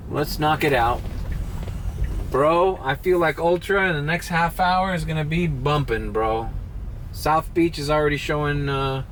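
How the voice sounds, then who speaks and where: A man's voice: a little high, fairly bright tone. Guy rambling while he drives, swears a lot, road noise all around. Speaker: rideshare driver vlogging. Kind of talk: casual driving vlog. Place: inside a car on city streets. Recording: noisy car cabin. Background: car and road noise.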